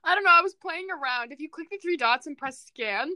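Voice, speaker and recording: A woman's voice: high-pitched, expressive, fairly quick, pushed and bright. A teenage girl co-hosting a podcast, rambling and giggly, full of fillers. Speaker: podcast co-host. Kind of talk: casual chat.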